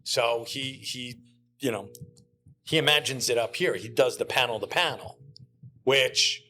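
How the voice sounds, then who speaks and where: Animated man with a bright voice. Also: mid-range voice, measured pace. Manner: animated storyteller who acts out quoted lines. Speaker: guest, comic book writer. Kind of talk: casual podcast chat.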